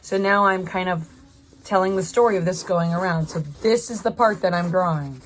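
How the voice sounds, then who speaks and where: A woman's voice: lowish voice, normal speed, slight background noise. Encouraging woman art teacher mid-drawing. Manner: encouraging, talks while drawing. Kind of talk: live drawing tutorial.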